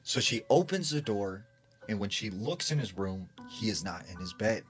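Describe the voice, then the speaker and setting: A man's voice: lowish voice, animated, normal speed, faint music behind. A man casually retelling a scary story secondhand, with lots of fillers.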